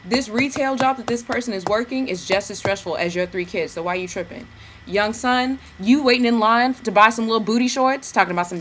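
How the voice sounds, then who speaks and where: Young woman ranting on her vlog, bright voice, sassy slang, little mimicked asides, faint room hum. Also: mid-range voice. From Georgia, US. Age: young adult. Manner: animated, mimics people in asides, sassy slang, bursts of cackling laughter. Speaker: vlogger. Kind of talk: casual storytelling rant.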